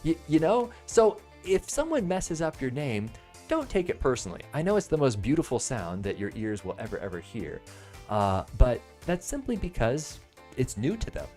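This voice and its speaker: Animated American man on a live stream. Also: mid-range voice, normal speed, soft background music. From United States. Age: 30s. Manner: animated, jokey, swings between loud bursts and soft asides. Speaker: livestream product reviewer. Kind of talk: live-stream product pitch.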